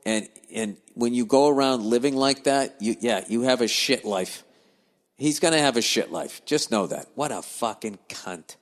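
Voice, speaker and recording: A man's voice: medium pitch, normal speed, big-room sound. A man hosting a podcast, reading listener letters aloud and breaking into profane, grumbling comic rants and digressions. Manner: swears freely, grumbles and digresses. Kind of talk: profane comedic rant.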